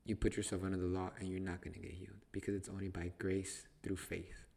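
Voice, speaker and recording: A man's voice: deep voice, completely flat delivery, fast, vocal fry, a little mellow. A man hosting a podcast, teaching the Bible in casual conversation, emphatic and repetitive, restarting phrases to stress them.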